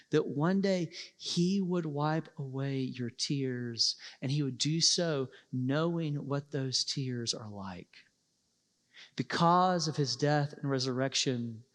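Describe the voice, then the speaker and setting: A man delivers a sermon with earnest conviction, his slightly high voice slowing for weight and swelling at its peaks. The sound carries the long reverb of a church hall. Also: a bit bright. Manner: earnest, pauses for emphasis, rises to passionate peaks. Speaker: pastor.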